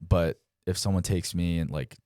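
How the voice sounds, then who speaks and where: Man, 20s, very low voice, dry close sound, casual storytelling, animated quoting. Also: moderate pace, no room sound. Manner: animated, acts out quoted dialogue, frequent "like". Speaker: pro baseball player guest.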